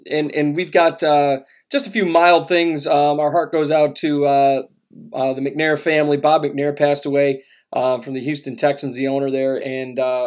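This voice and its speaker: A man in a relaxed sports chat, his voice sitting a little on the high side. He rambles along loosely, with plenty of filler words and restarts. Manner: laid-back, rambling with many fillers and restarts. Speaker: podcast co-host.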